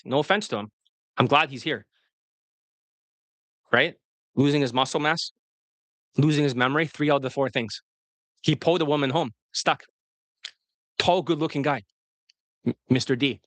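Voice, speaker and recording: A man talking fast and rambling as a dating coach on a livestream, often breaking off mid-sentence. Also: a little high, fairly bright tone, no room sound. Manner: fast, rambling, self-interrupting.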